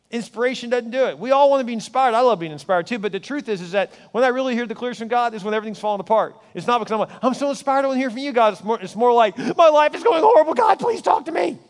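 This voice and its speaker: A man preaching a sermon as pastor, swinging from loud urging to low, intimate asides. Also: in a large hall.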